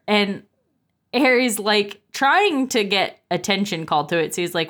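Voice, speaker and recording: Joking woman podcast co-host. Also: lowish voice. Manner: animated, joking, quick asides with laughs. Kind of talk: casual book-club chat.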